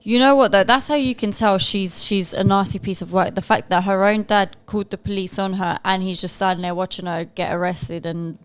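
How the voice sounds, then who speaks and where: A woman's voice: medium pitch, fairly quick, few pauses, clean tone. A woman co-hosting a casual reaction video, blunt, sweary, and mocking. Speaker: reaction co-host.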